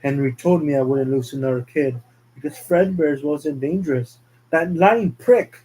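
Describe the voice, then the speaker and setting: A man's voice: medium pitch, fairly even intonation, warm tone, slightly rough, close to an everyday voice, low-quality recording. A man voicing a vengeful grieving father. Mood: furious. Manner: slow, bitter, threatening.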